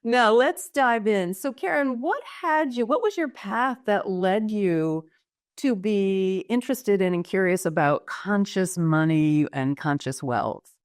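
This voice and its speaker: A woman's voice: medium pitch, lively intonation, unhurried, no echo, studio quality. A woman from the United States hosting a podcast interview, effusive and enthusiastic. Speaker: podcast host.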